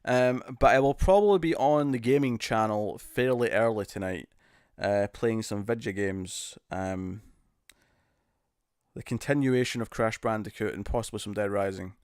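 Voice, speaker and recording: A man's voice: lowish voice, moderate pace, a little mellow, clear, resonant tone, no room sound, clean studio sound. Chatty British man on a live stream. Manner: laughing, jokey, attempts bad celebrity impressions. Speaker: streamer host. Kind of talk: casual live-stream chat.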